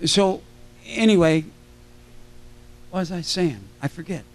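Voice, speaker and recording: An older man with a notably high voice tells loose, jokey stories from a convention panel stage. He keeps breaking off mid-sentence and circling back. Now and then he acts out the people he quotes. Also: animated, measured pace. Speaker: celebrity panel guest. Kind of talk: rambling anecdotal storytelling.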